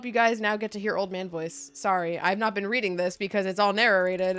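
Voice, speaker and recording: Woman streamer, casual chatter, lowish voice, dry close mic. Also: fairly even intonation, fast talker, hardly any pauses, a bit bright, smooth, dry recording, soft background music. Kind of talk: casual gaming livestream chat.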